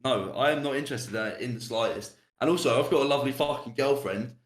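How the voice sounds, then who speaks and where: A young male podcast host talks in a blunt, casual way and swears freely. His voice sits at a middling pitch. The sound carries a roomy echo. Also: fast.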